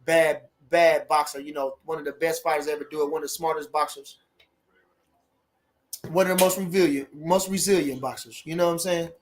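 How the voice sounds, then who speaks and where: A middle-aged man hosting a casual livestream, animated and repeating catchphrases as he chats. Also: a little high, a little fast. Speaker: livestream host.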